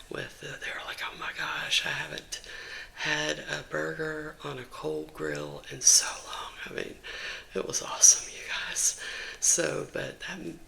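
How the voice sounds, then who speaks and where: Slow, gravelly whispering Southern woman. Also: low voice, poor audio. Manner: soft unvoiced whisper, chatty and rambling. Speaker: ASMR creator. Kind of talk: whispered ASMR ramble while eating.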